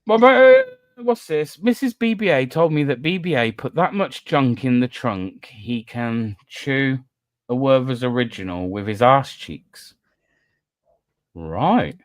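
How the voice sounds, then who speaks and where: A man's voice: medium pitch, animated, measured pace, dry recording. A British man hosting a live voice chat, chatting casually and telling stories in a self-mocking way. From Britain. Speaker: host of a live voice-chat panel. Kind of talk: casual banter. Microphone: online voice chat.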